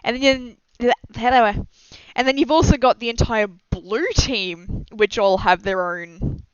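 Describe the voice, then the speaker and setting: Giggly rambling young streamer, smooth voice. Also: medium pitch, fairly even intonation, takes it slowly, no room sound. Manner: rambling, giggly, self-deprecating. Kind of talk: casual live-stream chat. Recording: slightly dull lo-fi mic, dry.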